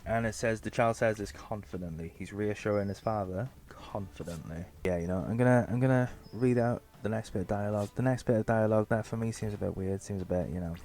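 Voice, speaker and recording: A man's voice: lowish voice, mellow. A man giving a casual, sarcastic book review. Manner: joking and sarcastic, with many fillers.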